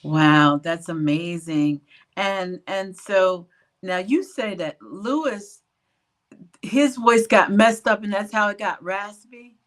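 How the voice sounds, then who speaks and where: A woman's voice: medium pitch, takes it slowly. A woman hosting an interview, reacting enthusiastically and asking questions. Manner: enthusiastic, exclamatory. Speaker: interview host. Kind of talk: conversational interview.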